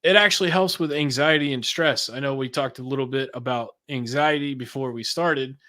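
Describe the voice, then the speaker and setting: A man's voice: mid-range voice, fairly quick, sharp tone. A man who is a podcast guest, talking in a laid-back, chatty way with casual swearing. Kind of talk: casual interview chat.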